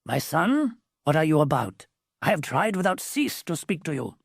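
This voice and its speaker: A solemn old genie father speaks in stiff, old-fashioned phrases, as a woman narrator puts him on. His voice sits low and stern. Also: very animated, normal speed, gravelly, no echo, clean studio sound, heavily acted. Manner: formal, archaic, solemn.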